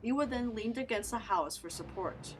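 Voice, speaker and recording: A woman narrating a story in an even, descriptive reading. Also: a little high, moderate pace, background noise.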